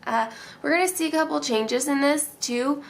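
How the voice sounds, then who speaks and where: Chatty young woman with a gravelly edge. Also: high-pitched, moderate pace. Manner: chatty, rambling, emotional, laughs often. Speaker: planner vlogger. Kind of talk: casual chat while decorating a planner.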